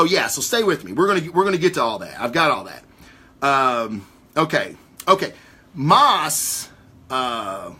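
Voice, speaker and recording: A man hosting a casual talk show, rambling through theories with live viewers in a profane, excitable way. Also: a little high. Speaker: podcast host.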